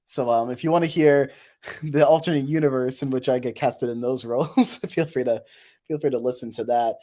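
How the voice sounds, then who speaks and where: A woman's voice: very deep voice, fairly even intonation, a little fast, dark tone. A woman streamer and voice actor chatting casually and rambling with self-deprecating humor, her voice a bit worn. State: voice tired from overuse. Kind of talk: casual live-stream chat.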